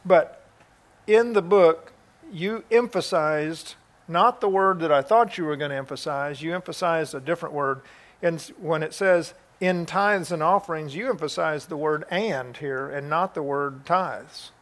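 A man's voice: fairly high pitch, normal speed. A man hosting a Christian talk show, enthusiastically interviewing a guest and answering him with amens and laughter. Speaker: host.

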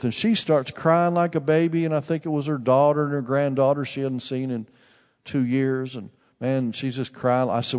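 A man's voice: mid-range voice, fairly even intonation, moderate pace, darkish tone. A male preacher tells a testimony and speaks directly to his listeners in a fervent way, with many restarts. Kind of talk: sermon with personal testimony. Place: church sanctuary. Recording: long reverb in a large hall.

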